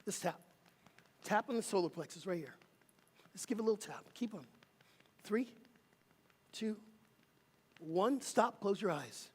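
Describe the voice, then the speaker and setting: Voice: medium pitch, expressive, unhurried, pauses often, darkish tone, slightly rough, big-room sound. A minister preaching a sermon, emphatic and rhythmic, leading the congregation in call and response. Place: church sanctuary.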